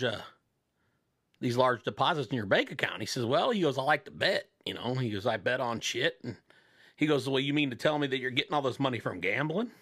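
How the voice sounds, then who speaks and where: A man hosting a radio show speaks with a medium-pitched, slightly bright voice. He chats casually and tells a long, crude joke, rambling and profane, voicing each of the joke's characters.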